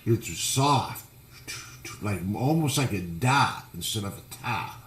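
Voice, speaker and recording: A man giving a relaxed harmonica lesson, explaining technique patiently between demonstrations. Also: fairly low pitch. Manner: slow, patient explaining, breaks into loud sung calls. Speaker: harmonica teacher. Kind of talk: relaxed instructional talk with demonstrations. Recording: echoey room with loud harmonica playing.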